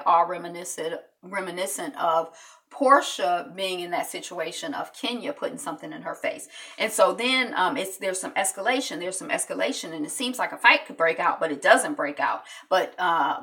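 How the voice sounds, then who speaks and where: Chatty female recap host, bright and sharp tone, talking a little off-mic, rambling with fillers. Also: lowish voice, recorded from a distance. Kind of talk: casual chat recapping an episode.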